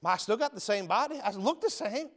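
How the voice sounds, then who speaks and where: Man preaching in church, high voice, loud then real quiet, calls everyone brother, big echo. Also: lively intonation, a little fast. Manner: swings from loud emphatic shouts to low near-whispers; folksy, calls listeners brother and my friend. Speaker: preacher, ex-convict prison minister. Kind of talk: sermon with testimony. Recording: long hall reverb.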